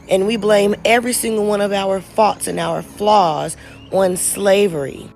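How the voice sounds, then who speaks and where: A woman's voice: lowish voice, a little mellow. A woman giving reaction commentary to a viewer comment, pointed and lecturing. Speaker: commentary creator.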